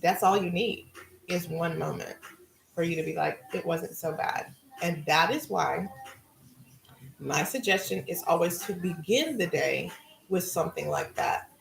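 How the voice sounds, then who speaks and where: Middle-aged woman, gravelly voice, casual spiritual talk, card-reading host, echoey room. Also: fairly low pitch, slight background noise. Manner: relaxed, musing, conversational.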